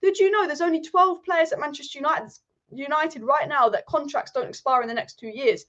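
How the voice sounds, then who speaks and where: A woman's voice: high voice, brisk, a bit bright. A woman hosting a live football fan stream, ranting passionately and repeating her points. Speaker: football channel host. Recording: dull lo-fi stream audio.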